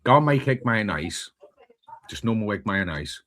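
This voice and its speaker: A man's voice: lowish voice, very animated, moderate pace, noisy background. A man hosting a casual live chat, rambling and swearing freely. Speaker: channel host.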